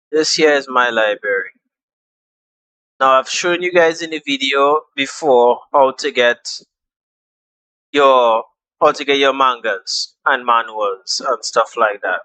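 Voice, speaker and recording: A young man talks slowly through an app tutorial in a bright, forward voice. He is relaxed and chatty, often repeats a step or trails off with an "uh". The recording is dry and close, with almost no room sound. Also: medium pitch, dry recording, low-quality recording. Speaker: tutorial host.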